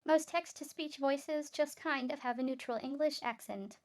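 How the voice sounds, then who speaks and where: A woman's voice: high voice, moderate pace, a little mellow. A woman streamer giving casual gameplay commentary in a chatty, explanatory way.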